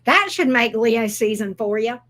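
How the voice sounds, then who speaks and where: Chatty woman doing a tarot reading, high voice, takes her time, gets worked up and cusses. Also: measured pace. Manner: chatty, excitable, swears freely. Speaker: tarot reader.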